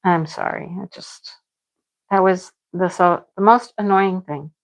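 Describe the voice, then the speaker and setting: A woman's voice: on the low side, fairly even intonation, measured pace. A middle-aged woman hosting a livestream, chatting casually with viewers and venting frankly, laughing now and then. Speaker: livestream host. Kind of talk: casual chat with live viewers.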